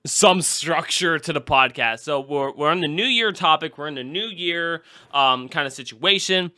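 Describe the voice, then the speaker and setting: Here a male podcast host with a voice on the high side talks at normal speed. He keeps the chat casual, spinning lively stories and voicing the quotes.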